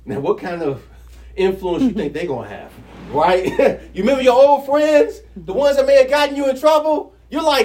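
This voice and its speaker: High-voiced man teaching scripture, off-mic. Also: moderate pace, distant mic. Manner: conversational and animated, chuckles, rhetorical questions to the listeners. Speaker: Bible study teacher. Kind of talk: Bible teaching, scripture reading with commentary.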